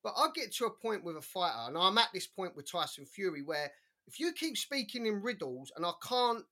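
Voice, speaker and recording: A man co-hosting a boxing podcast, talking in an animated, slangy way with plenty of swearing. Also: sits high, brisk. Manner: animated, swearing, slangy, quotes others in put-on voices. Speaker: podcast co-host. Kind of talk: casual podcast chat.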